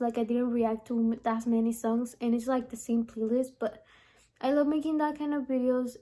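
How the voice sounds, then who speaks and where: A young woman chatting to the camera in a relaxed vlog, rambling and filling her talk with "like" and "honestly". Her voice is fairly high but soft and mellow. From from abroad, lives in the US. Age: young adult. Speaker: vlogger. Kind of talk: casual vlog chat to camera.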